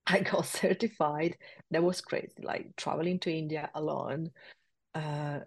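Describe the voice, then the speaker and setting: A woman in her forties, a guest in a casual interview, telling her story in a lively way with frequent laughter. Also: sits low, measured pace, gravelly, slightly rough, dry recording. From south-west London. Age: 40s. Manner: lively, laughs often, acts out past conversations. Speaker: interview guest, yoga teacher.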